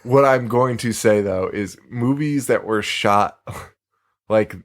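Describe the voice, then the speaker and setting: A man's voice: on the low side, takes it slowly, gravelly. A man co-hosting a podcast in casual chat, rambling loosely, laughing often and swearing casually. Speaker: podcast co-host.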